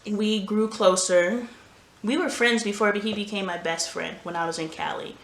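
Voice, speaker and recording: A woman's voice: mid-range voice, fairly even intonation, moderate pace. A woman vlogger and mother telling candid stories in casual chat while doing laundry at home. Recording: roomy home echo, faint noise.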